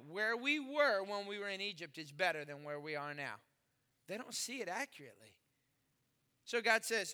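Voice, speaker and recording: A male pastor with a high, very bright and forceful voice, preaching in an animated storytelling way. He acts out the dialogue of his story and talks straight to his congregation. His voice rings with the long reverb of a large church hall. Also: smooth. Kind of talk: sermon. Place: church sanctuary.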